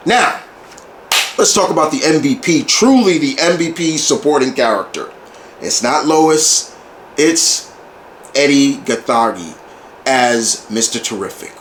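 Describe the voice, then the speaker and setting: Eager man with a slow, roomy-sounding delivery. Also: medium pitch, expressive, a bit bright. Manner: enthusiastic fan, repeats and restarts phrases. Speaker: movie reviewer. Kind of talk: casual video review monologue. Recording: roomy echo, faint background hiss.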